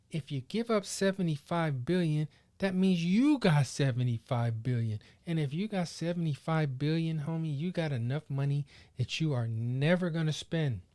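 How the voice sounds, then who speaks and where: A man hosting his own podcast solo, chatting casually in animated, slangy riffs. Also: fairly high pitch. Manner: animated, slangy, playful riffing. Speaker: podcast host.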